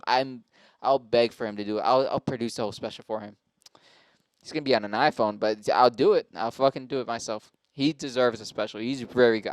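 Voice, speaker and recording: A man's voice: medium pitch, clear, resonant tone, no echo. Man rambling through a profane monologue. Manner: profane, rambling, self-interrupting. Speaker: host and stand-up comic.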